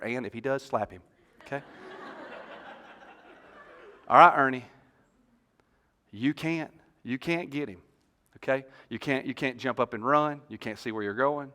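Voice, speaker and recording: A man preaching a sermon as pastor. He tells the story in an animated way and jokes with the congregation on a church stage. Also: medium pitch.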